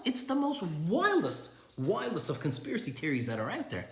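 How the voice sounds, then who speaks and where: A middle-aged Irish man rants animatedly through a sarcastic, sweary monologue, his pitch jumping all over the place. His voice echoes around the room. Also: sing-song, a little fast, few pauses, a bit bright. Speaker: vlogger. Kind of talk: ranting monologue. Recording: roomy echo.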